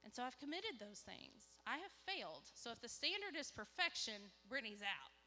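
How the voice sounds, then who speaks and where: A woman, giving an animated church testimony and acting out dialogue. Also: a little high, normal speed, faint music behind. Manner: animated storytelling, acts out dialogue. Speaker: lay speaker giving a testimony. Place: church sanctuary. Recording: live church hall with reverb, faint hum.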